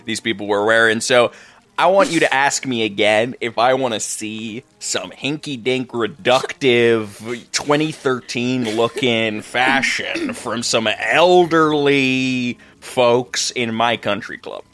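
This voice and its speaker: A man playing a vain, eccentric older country club owner in an improvised comedy sketch, talking in a strained, aged put-on voice with pompous, drawn-out emphasis. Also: on the low side, a bit bright, dry recording, natural voice. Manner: pompous, self-absorbed, drawn-out emphatic delivery. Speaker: podcast co-host.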